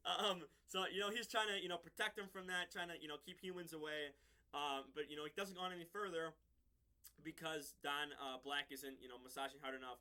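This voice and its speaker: Bright-voiced young man recapping an episode. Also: a little high, fairly even intonation, brisk. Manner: rambling, many ums and restarts. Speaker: reviewer.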